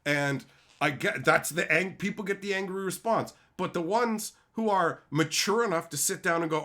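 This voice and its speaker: High-pitched, animated, profane man ranting. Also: normal speed. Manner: profane, blunt, heated; animated storytelling, laughs often. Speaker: card game streamer. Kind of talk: casual ranting monologue.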